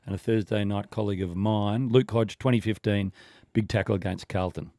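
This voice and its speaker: Man, middle-aged, Australian accent, radio host, wry anecdotes, low voice, dry studio. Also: fairly even intonation, fairly quick, warm tone, no room sound. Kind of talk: casual radio banter.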